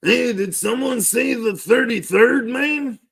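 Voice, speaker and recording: Brief: loud, excitable young guy butting in, as a man puts him on, high and sharp, drawling. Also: takes it slowly, creaky, breathy edge, full character voice. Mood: goofy.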